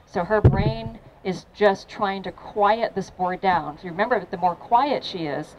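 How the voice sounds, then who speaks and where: An upbeat woman trainer leads a live demo in front of a crowd, mixing instructions with frequent laughs. Her pitch sits in the middle of the usual range. Faint background noise runs under her voice. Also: unhurried, highs cut off. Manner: upbeat, encouraging, laughs often. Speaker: fitness trainer. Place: outdoor event with a crowd.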